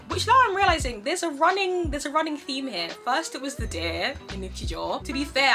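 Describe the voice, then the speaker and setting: A high-pitched young woman vlogs casually to camera at home, expressive and giggly as she acts out her own reactions.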